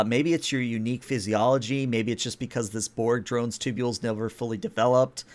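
A man runs a tabletop game, talking the players through rolls and rules. His pitch sits in a middling range and he speaks in a relaxed way, with plenty of ums and uhs. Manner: relaxed, explains rules with fillers. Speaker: game master. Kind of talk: narrating a tabletop game over voice chat.

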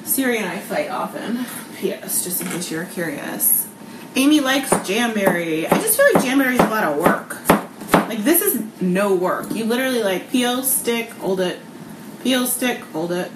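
A woman's voice: mid-range voice, expressive, normal speed. A woman in her thirties hosting a casual live cooking vlog from her home kitchen. She talks in a bubbly, chatty way, laughs often, and fills her speech with um and like. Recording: echoey kitchen with clear background noise.

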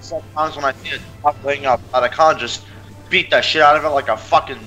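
A man's voice: a little high, steady tone, a little fast, loud music behind the voice, poor audio. A young man in crude, casual chat with friends, swearing constantly and stammering as he repeats words. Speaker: co-host.

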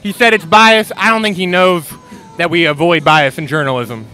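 A man with a high, bright voice plays a mock sports reporter, dropping goofy lines with a deadpan delivery. He is interviewing fans outdoors at a tailgate. Faint music plays somewhere in the background. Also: normal speed. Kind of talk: joking street interviews.

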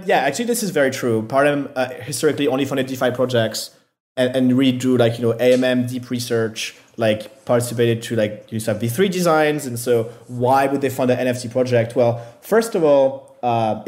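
Male founder guest, mid-pitch, halting delivery full of "like" and restarts. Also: a little mellow. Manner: hesitant, filler-heavy, self-deprecating. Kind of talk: casual interview answers.

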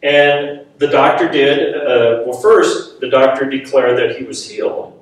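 A man preaching a sermon to a live audience, telling a personal story in an animated, self-mocking way and laughing often. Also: mid-range voice, measured pace. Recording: echoey hall, mic at a distance.

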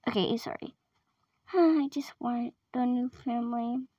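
Casting: woman creator, high voice, offhand mumbled asides, dull far-off mic. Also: unhurried, mellow, no echo. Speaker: video creator. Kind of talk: casual aside to viewers. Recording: dull, distant recording.

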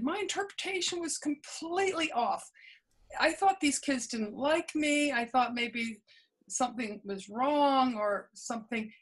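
In a rough recording, a high-voiced woman, a memoir author appearing as an interview guest, earnestly shares stories from her past. She acts out quoted lines in a conversational storytelling style, with frequent small restarts.

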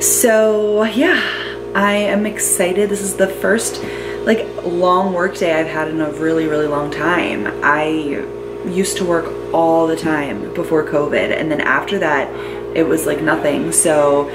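A young woman in her twenties chatting excitedly to her phone camera in a casual vlog. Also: lowish voice, measured pace, music in the background. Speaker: vlogger.

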